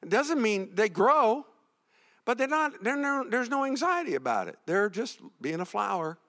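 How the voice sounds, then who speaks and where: A middle-aged male pastor preaching with a high, bright voice that leaps all over the place. He drops to near-whispers and then surges loud again, and he stumbles through repeated restarts as he goes. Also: normal speed, in a large hall. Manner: animated, swings from hushed to loud. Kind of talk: sermon.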